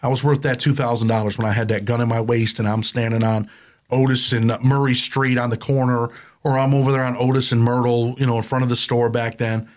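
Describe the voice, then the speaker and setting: Brief: middle-aged man, quick, animated interview guest, street-plain storytelling, mid-pitched. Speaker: guest, prison consultant. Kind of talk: casual interview conversation.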